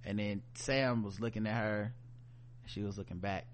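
A man casually recapping a TV episode, animated and profane, acting out the scenes as he goes. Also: on the low side, moderate pace. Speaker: podcast host.

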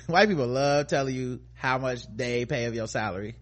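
A man's voice: medium pitch, normal speed, few pauses. A man co-hosting a podcast, reading news stories aloud and mocking them in casual comedic commentary, laughing often. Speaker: podcast co-host.

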